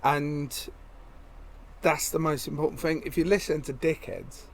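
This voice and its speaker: A man's voice: on the high side, measured pace, creaky. A man, a podcast guest, chatting casually and offering short, supportive replies. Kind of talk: casual chat.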